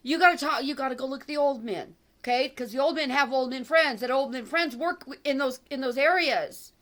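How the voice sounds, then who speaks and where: A woman's voice: high voice, fairly quick, fairly bright tone. A middle-aged woman giving a heated, repetitive religious monologue, with fervent outbursts. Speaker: online religious speaker. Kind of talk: impassioned preaching monologue.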